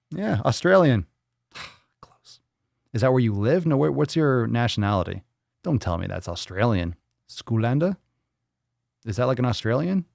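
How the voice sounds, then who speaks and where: A man's voice: fairly low pitch, vocal fry, a little mellow, dry recording, clean studio sound. A man hosting a casual fitness livestream, reading viewer comments aloud, joking, teasing and swearing freely as he plays with how names are said.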